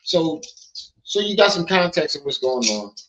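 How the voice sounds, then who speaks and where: A man's voice: fairly high pitch, very animated, moderate pace, fairly bright tone, poor audio. A man hosting a casual livestream, joking and swearing as he talks to his chat. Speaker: livestream host. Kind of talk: casual commentary stream. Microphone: streaming mic.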